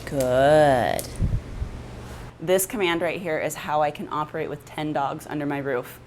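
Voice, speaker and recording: A woman's voice: brisk, slight background noise. Woman dog trainer explaining commands plainly. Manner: explains plainly, then switches to a high, gushing praise voice for the dog. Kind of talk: instructional dog training vlog.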